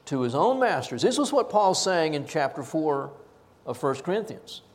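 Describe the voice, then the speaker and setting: A man preaching an expository sermon, emphatic and shifting between loud stresses and low asides. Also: sing-song, measured pace. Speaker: pastor. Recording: reverberant hall.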